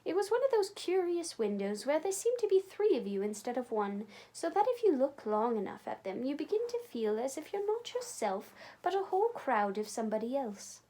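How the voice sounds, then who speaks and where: Animated woman reading a storybook aloud. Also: high voice, normal speed, hardly any pauses. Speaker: librarian.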